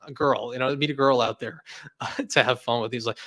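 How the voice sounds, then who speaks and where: A man's voice: medium pitch, very animated, normal speed. A young man hosting a casual livestream, who rambles, laughs often and leans on "like" fillers. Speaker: host.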